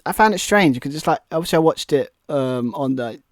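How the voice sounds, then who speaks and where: A man's voice: a little high, lively intonation, brisk, no room sound. Rambling British man, dry mic. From Britain. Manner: rambling, many restarts and fillers. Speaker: podcast co-host. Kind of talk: casual chat.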